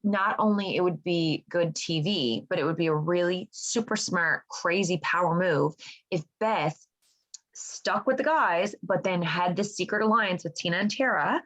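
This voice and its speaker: Animated swearing woman podcast co-host. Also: on the low side, normal speed, poor audio. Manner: animated, swears often, lots of "like". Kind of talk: casual chat.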